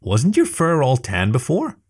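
A man voicing a brisk female beaver detective in a storybook reading, with an urgent, raised voice. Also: medium pitch, wildly swooping pitch, a little mellow, slightly rough, voice pushed up, full character voice. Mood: gentle.

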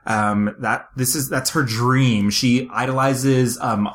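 Male podcast host, mid-pitched, raving casually about films, loose and unfiltered. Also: steady tone, takes it slowly, a bit bright. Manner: gushing, enthusiastic, swears casually. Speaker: podcast co-host, film reviewer. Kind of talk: casual chat.

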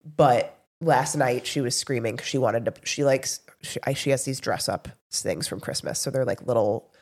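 A woman in her thirties co-hosting a podcast, chatting casually with quick asides and laughter. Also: extremely low pitch, a little mellow. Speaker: podcast co-host. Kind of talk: casual chat.

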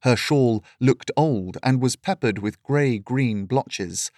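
A man reading a fantasy story aloud in steady, measured scripted narration. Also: mid-range voice, dry recording, studio quality.

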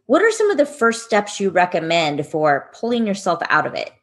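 A woman's voice: on the low side, huge pitch swings, moderate pace. A woman hosting a podcast, asking questions and affirming her guest in a friendly, casual way. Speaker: podcast host.

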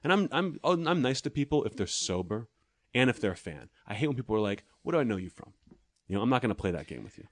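A man, a comedian, chatting casually and telling sardonic stories at a quick clip, sometimes slipping into voices of the people he describes. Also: mid-range voice, sing-song, no room sound. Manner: fast, sardonic storytelling with voiced impressions. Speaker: stand-up comedian guest. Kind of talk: casual chat.

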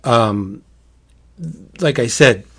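A man's voice: medium pitch, drawn-out words, fairly bright tone. A man casually recapping a book's plot, rambling, restarting often and laughing. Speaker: book reviewer. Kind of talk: casual chat.

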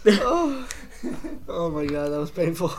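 A woman co-hosting a comedy podcast, making amused, drawn-out remarks. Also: on the low side, very animated, a crowd in the background. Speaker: podcast co-host.

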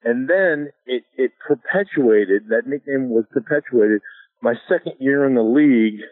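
A man's voice: medium pitch, a little slow, no echo. Easygoing man on a tinny phone line. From Alaska. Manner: easygoing, chuckling, many "you know" fillers. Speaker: guest, former pro football lineman. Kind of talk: casual storytelling interview.

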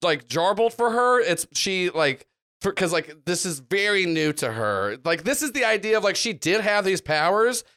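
A man's voice: high-pitched, big pitch swings, moderate pace, fairly bright tone. A man narrating a tabletop game as game master, rambling with lots of fillers. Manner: rambling, full of likes and uhs.

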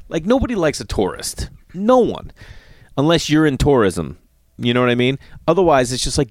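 A man's voice: medium pitch, a little fast, no room sound, studio quality. A man telling a rambling travel story, swearing freely and acting out what people said. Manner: profane, animated, acts out quotes. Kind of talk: casual storytelling monologue.

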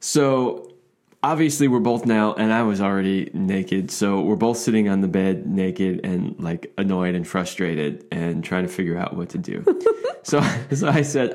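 A man co-hosting a relationship podcast, telling a personal story in a casual, animated way and laughing often. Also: sits low, a little slow. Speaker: podcast co-host.

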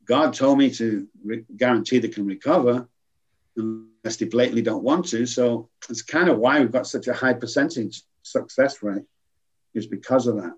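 Husky man explaining recovery. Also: mid-range voice, darkish tone, highs cut off. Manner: earnest, explanatory, acts out quoted voices. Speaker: addiction recovery guest. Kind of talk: conversational interview.

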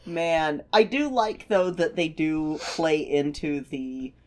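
A woman's voice: sits low, takes it slowly, darkish tone. A woman co-hosting a podcast in casual chat, informative and giggly. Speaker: podcast co-host.

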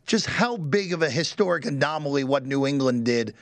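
A man's voice: on the high side, expressive, brisk, no room sound. Earnest man debating football. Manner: earnest, repeats "look" and restarts. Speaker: co-host or guest analyst. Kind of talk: casual sports talk.

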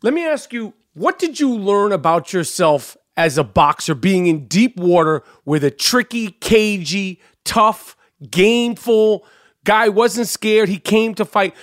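A man hosting a podcast interview, blunt and profane, excitable and full of restarts. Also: high-pitched, unhurried, no room sound, studio quality. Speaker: podcast host.

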